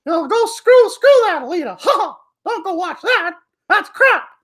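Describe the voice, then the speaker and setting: Man doing a sneering falsetto corporate mouthpiece. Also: sing-song, normal speed, fairly bright tone, exaggerated voice. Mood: mocking. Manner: sarcastic, mocking. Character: smug corporate spokesperson, mocking.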